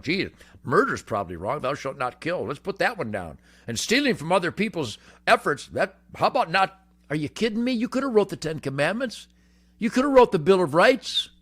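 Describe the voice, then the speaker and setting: An older man hosting a rambling, boastful monologue, brash and cocky, swinging from booming shouts to low mutters. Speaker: host.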